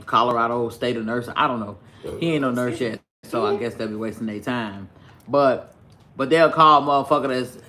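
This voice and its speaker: A man's voice: medium pitch, a bit bright, slight background noise. Man ranting profanely, tense voice. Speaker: livestream commentator.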